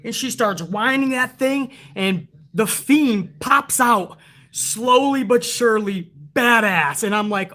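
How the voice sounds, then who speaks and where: A woman with a bright, forceful voice hosts her own wrestling review channel. She rants at viewers in a loose, heated way and swears constantly. She builds excitement as she retells each moment. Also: on the high side, slow pace. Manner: excitable, retells events with rising energy. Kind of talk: casual profane review rant.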